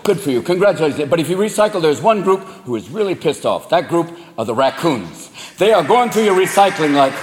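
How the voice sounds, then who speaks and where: A male stand-up comedian, profane and animated, performing a set on a club stage. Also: fairly high pitch, a little hiss or hum. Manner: profane, animated, rapid voices. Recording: echoey club with loud crowd laughter.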